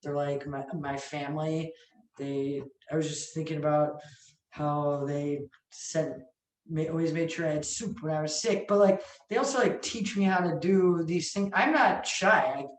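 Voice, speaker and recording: Woman chef telling stories, lively and a bit sweary, mic sitting back in an echoey room. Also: sits low, unhurried, far from the mic. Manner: animated, swears freely, acts out quotes. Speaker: restaurant owner and sandwich chef. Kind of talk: casual interview storytelling.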